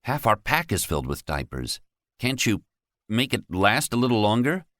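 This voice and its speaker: A man's voice: lowish voice, sing-song, normal speed, a bit bright, dry recording, clean studio sound, pitched above the performer's own voice. A man voicing Tony, a nervous young man who is determined and urgent, in an audiobook. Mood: impatient. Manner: urgent, reasoning. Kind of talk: audiobook character voice.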